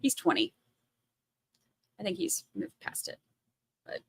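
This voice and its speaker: Chatty Southern woman, bright tone. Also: measured pace, dry recording. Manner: chatty, rambling, heavy on fillers. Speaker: livestream host. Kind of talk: casual livestream commentary.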